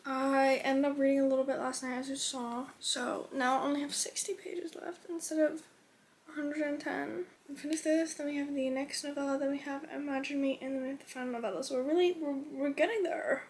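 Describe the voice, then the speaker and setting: A woman's voice: sits high, fairly even intonation, fast talker, few pauses, a little mellow, slight background noise. A young woman vlogging casually about her reading. She talks expressively, swears freely and swings between gushing and exasperation. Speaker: book vlogger.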